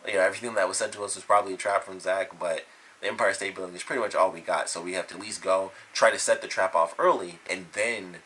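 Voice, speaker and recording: A man's voice: deep voice, steady tone, fast talker, bright, forceful tone, breathy edge, rough recording. A man giving a casual, rambling spoken review of a TV episode, retelling scenes with lots of fillers. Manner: rambling, enthusiastic, loose retelling with many fillers.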